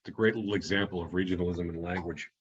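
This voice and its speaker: A man's voice: low voice, steady tone, racing, dull audio, slight background noise. A man giving an online talk as an author, telling anecdotes in a chatty way, often restarting and chuckling at his own stories.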